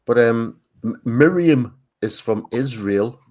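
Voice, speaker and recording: Slow but animated, a man from Tyne and Wear in Northern England talks in a mid-range, a little mellow voice. He co-hosts an art livestream, chatting casually with the group and repeating words as he searches for them.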